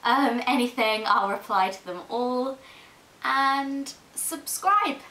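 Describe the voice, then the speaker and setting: An eighteen-year-old woman from South East England chats to her camera, rambling and giggly. Her voice is bright and a little high. The built-in camera mic picks her up in an echoey room with faint music behind her. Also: slow pace, a little hiss or hum. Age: teens. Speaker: vlogger. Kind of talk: casual chat to camera.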